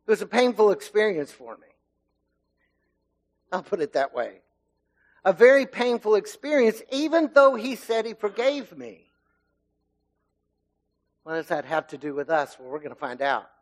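Man, middle-aged, lay preacher, sermon, conversational storytelling, slightly high voice. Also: big pitch swings, moderate pace, pauses often. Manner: conversational storytelling with fillers, growing emphatic. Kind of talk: sermon with personal story and scripture reading.

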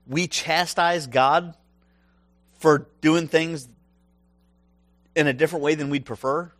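A man preaching a sermon, animated and humorous, acting out voices from the stories he tells. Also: on the high side, slow, dry recording. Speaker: pastor.

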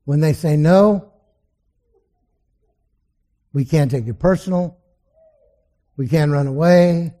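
A man's voice: fairly high pitch, takes it slowly, long pauses, mellow. A male pastor preaching a sermon in an emphatic, storytelling way.

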